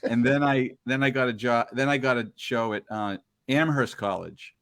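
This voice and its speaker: A man's voice: mid-range voice, moderate pace, no room sound, clean studio sound. A middle-aged man, telling radio stories in a casual chat and acting out the voices in them. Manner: animated storyteller, acts out quoted voices.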